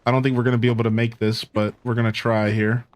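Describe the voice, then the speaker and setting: A man streaming a game, giving casual commentary and telling stories, chatty and animated, full of "like" and "dude". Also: medium pitch, fast talker.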